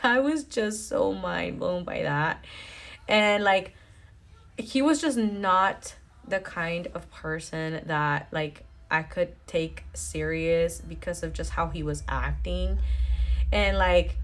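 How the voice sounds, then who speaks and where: A woman's voice: lowish voice, measured pace, a bit bright. A young woman addressing the camera in a casual storytime chat, full of fillers, y'alls and nervous laughs. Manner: chatty, filler-heavy with many likes and y'alls, nervous laughs. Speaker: storytime vlogger.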